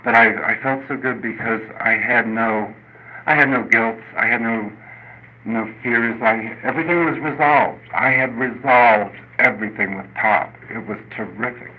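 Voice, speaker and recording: An older man speaking at a recovery meeting, telling a personal story in an earnest, halting way with many restarts. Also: medium pitch. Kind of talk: personal testimony. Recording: dull lo-fi recording with faint noise.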